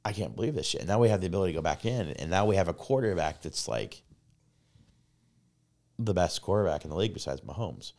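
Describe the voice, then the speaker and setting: A man co-hosting a casual podcast, telling a rambling, excitable story full of swearing and filler words. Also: low-pitched, fast talker, long pauses. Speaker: podcast co-host. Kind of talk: casual chat.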